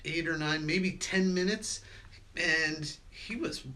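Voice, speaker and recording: A man's voice: a little high, slow, background noise. A man in a casual group chat in an office, telling stories in an earnest, enthusiastic way. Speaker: band member.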